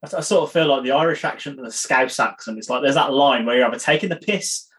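A man's voice: mid-range voice, fast talker, fairly bright tone. A man hosting a podcast, asking questions in a casual, joking way. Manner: playful questions, laughs. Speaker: podcast host. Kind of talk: casual interview chat.

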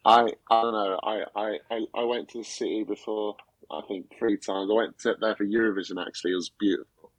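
A man guest on a football podcast, chatting casually in a halting, stammering way with plenty of swearing. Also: fairly low pitch, steady tone, no echo, poor audio. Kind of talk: casual chat.

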